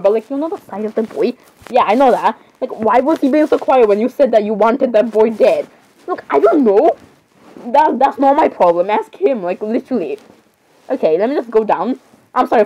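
Woman reactor, higher mellow voice, giggly, keeps apologizing. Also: lo-fi sound. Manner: giggly, keeps saying "I'm sorry". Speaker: video reactor. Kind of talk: casual reaction commentary.

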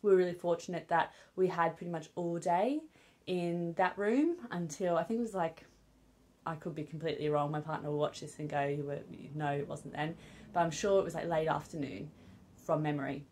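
There's slight background noise as a young British woman vlogs at home with her newborn, chatting frankly to camera with many fillers like "um" and "obviously." Her voice is fairly low and darkish, fairly quick, with fairly even intonation.

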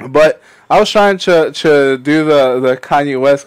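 A man's voice: on the high side, measured pace, clear, resonant tone. A man co-hosting a comedy podcast, joking around with friends, laughing often and stumbling over his words. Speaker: podcast co-host. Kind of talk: casual comedy banter.

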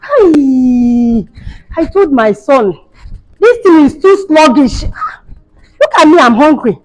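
A woman's voice: high voice, big pitch swings, takes it slowly, a little mellow, heavily acted. A woman acting a cruel, taunting mother-in-law in a home-made skit, shrieking and mocking. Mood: scolding. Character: cruel scolding mother-in-law, shrill and bullying. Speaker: actor in a skit. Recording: dull sound with faint music behind.

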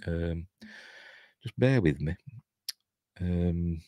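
This host, a middle-aged man from Yorkshire, England, talks through a film in a low, mellow voice, drawing out his words. His casual commentary wanders, breaks off into chuckles and interrupts itself. There's no echo on the recording.

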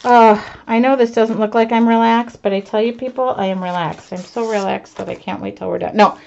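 A woman artist chatting to her live viewers as she works, excitable and self-mocking, laughing often. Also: medium pitch, brisk, gravelly. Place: home art studio, indoors. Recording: dull lo-fi stream audio.

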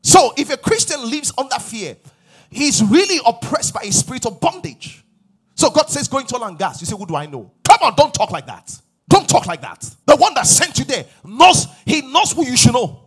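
Pastor guy preaching, high husky voice, goes loud then quiet. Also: normal speed. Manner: animated preaching, swings from loud exhortation to hushed asides. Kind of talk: sermon.

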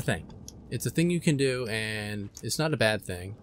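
A man's voice: on the low side, lively intonation, moderate pace, a little hiss or hum. A young man giving casual let's-play commentary, chatty and unsure of himself, often speaking to the creatures in the game. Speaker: gaming commentator.

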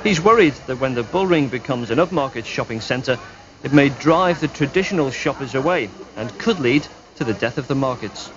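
A man's voice: medium pitch, a crowd in the background. Man narrating a TV news report. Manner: measured, even reporting delivery. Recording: dull late-1990s TV broadcast audio.

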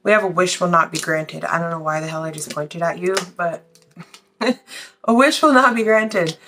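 A woman's voice: on the low side, normal speed, fairly bright tone, a little hiss or hum. A woman doing a casual tarot reading, chatty and blunt, swearing freely and a little out of breath. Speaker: tarot reader.

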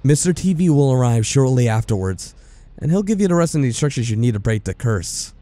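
Guy reading a grave creepy message, mellow dark tone, lots of rise and fall, dry close sound. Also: mid-range voice, big pitch swings, a little fast, dry recording, natural voice. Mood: ominous. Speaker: guest narrator reading a message. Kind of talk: scripted narration.

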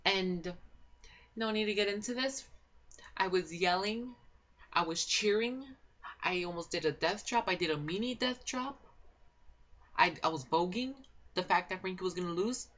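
A young woman giving a casual, gossipy reality show recap, excitable and swearing a lot, with constant filler words. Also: fairly low pitch. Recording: dull lo-fi home recording.

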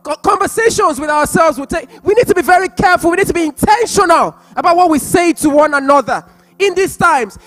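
A man preaching and leading prayer, repeating phrases and breaking into loud, impassioned, sung prayer. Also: very high-pitched, animated, a little fast. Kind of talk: sermon with prayer.

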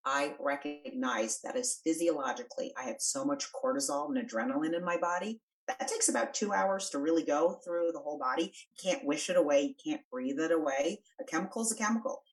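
Low-voiced earnest woman, off-mic. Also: distant mic, poor audio. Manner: earnest, flowing, emphatic. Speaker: podcast guest, energy worker. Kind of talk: conversational interview.

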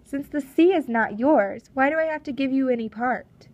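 A woman voicing a bold Russian sea captain, a tall man who bargains loudly and insistently in a storybook reading. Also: high voice, moderate pace, pitched above the performer's own voice, close to an everyday voice. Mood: bargaining. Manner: loud, insistent, pushy.

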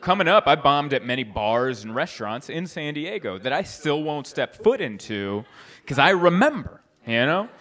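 A young man performing stand-up comedy, his voice bright and a touch high for a man. He tells his stories with animation, leaps up in pitch when he voices the people he quotes, and chuckles at his own jokes. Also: big pitch swings, normal speed.

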